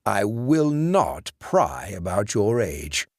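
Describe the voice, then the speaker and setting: A man voicing a courteous old grandfather who speaks slowly and formally. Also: lowish voice, very animated, darkish tone, dry recording, studio quality, exaggerated voice. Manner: slow, gracious, formal.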